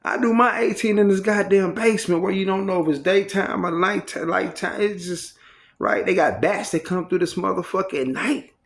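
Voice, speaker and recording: A man telling a long, rambling, profanity-heavy story in a casual spoken style, acting out what others said along the way. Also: a little high. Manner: profane, rambling, animated retelling.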